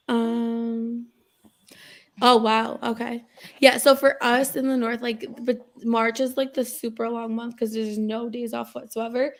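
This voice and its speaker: A woman co-hosting a casual livestream on a video call, greeting viewers by name and reacting to their comments. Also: fairly high pitch. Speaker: livestream co-host reading viewer chat.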